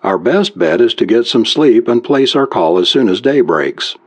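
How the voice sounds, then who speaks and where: A man voicing a tense young man on a boat who is trying hard to sound calm and steady. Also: mid-range voice, moderate pace, slightly rough. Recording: muffled lo-fi recording.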